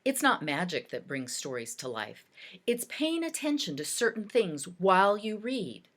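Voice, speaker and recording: A woman teacher giving a recorded reading lesson to children, speaking in a deliberate, expressive way as she demonstrates how to read aloud. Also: mid-range voice.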